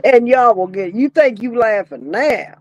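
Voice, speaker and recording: Woman, middle-aged, slow drawling storyteller, laughs constantly, casual cussing. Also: on the high side, lively intonation, no echo, dull audio. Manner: laughs often while telling a story, swears casually. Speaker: podcast co-host, former funeral director.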